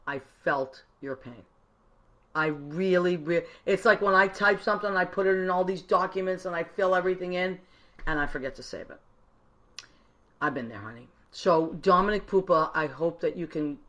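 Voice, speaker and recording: A chatty woman host with a fairly low voice, talking casually to her online audience. She rambles warmly and greets viewers by name. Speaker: online radio show host; musician. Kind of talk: casual live-stream chat.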